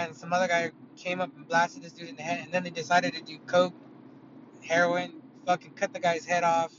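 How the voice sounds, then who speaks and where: A man telling a story in a casual, rambling way, swearing a lot and using many fillers, recorded inside a car. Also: sits high. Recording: dull lo-fi audio with loud car noise.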